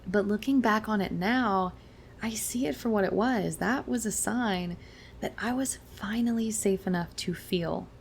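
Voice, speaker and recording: A young adult woman, a chiropractor hosting a wellness talk, explaining in a soft, reassuring way and slowing down for emphasis. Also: mid-range voice, creaky, slight background noise. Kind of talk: gentle explanatory monologue.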